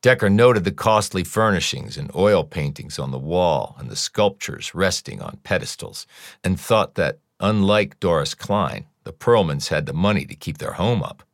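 Deep-voiced male audiobook narrator. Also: expressive, moderate pace, dry recording, studio quality. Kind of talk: scripted narration.

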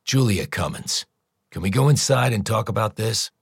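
A calm, blunt federal investigator, voiced by a male narrator, deep and measured, giving hard news without fuss. The sound is dry and close to the mic. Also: creaky, slightly rough, no echo, full character voice. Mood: businesslike. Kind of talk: audiobook character voice.

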